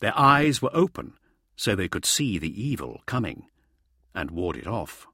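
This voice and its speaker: A man's voice: fairly low pitch, very animated, unhurried, bright, forceful tone, dry recording, clean studio sound. A man narrating a fantasy audiobook with vivid, dramatic storytelling.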